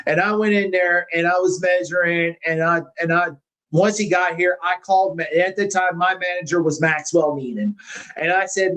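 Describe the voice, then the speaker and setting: A man with a fairly high voice tells his personal story on a casual livestream. He rambles, restarts and repeats words as he goes, and at times turns emotional. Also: fairly even intonation, moderate pace, fairly bright tone, low-quality recording. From Missouri. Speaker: carnivore diet channel host.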